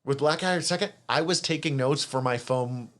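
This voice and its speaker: A man co-hosting a podcast in casual chat, animated and often swearing as he exclaims. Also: medium pitch, normal speed. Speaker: podcast co-host.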